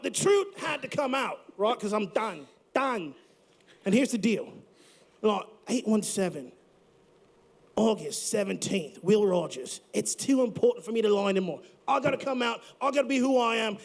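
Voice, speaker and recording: A man's voice: sits high, expressive, moderate pace, gravelly, heavily acted. A man putting on a cocky British rocker persona with an accent that drifts toward Australian, trash-talking during a live podcast interview. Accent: put-on British-Australian accent. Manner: swaggering, cocky trash talk. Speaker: musician guest.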